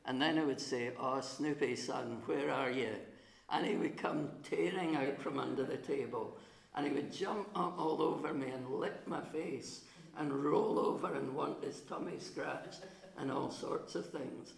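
A middle-aged minister with a chesty cough, telling a gentle story to children during a church service, with frequent pauses. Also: male voice, fairly high pitch, vocal fry. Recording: roomy church acoustics.

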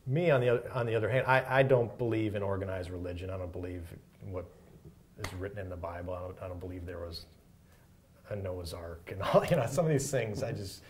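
A man with a very low voice talks through his answers in a casual interview, pausing and restarting as he thinks. He sounds middle-aged and speaks in a reflective, unhurried way. A faint hiss of noise sits under the recording. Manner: hesitant, thoughtful, many restarts. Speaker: rock guitarist guest.

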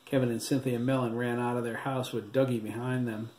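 A man reading his own novel aloud as an audiobook, in a steady, dramatic storytelling manner. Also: mid-range voice, a little fast. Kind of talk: audiobook narration. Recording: roomy echo, faint background hiss.

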